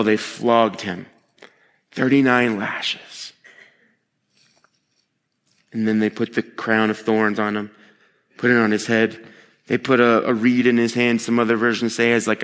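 A man delivers a sermon in a relaxed, conversational way, at a middle pitch for a man. He retells a scripture passage and slips into everyday voices for the people in it. His voice carries with the long echo of a large hall. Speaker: preacher.

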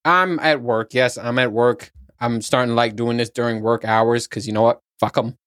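Middle-aged male podcast host, rambling and profane, mid-pitched voice, dry room. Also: fairly even intonation, normal speed, fairly bright tone, dry recording. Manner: rambling, profane, self-mocking. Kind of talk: casual solo podcast chat. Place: at his workplace on lunch break.

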